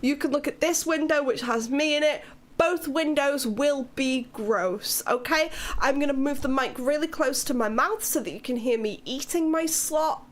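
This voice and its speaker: A woman's voice: sits high, moderate pace, hardly any pauses. A young Welsh woman streaming live, chatting casually with her viewers in a playful, teasing way and swearing freely. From Wales.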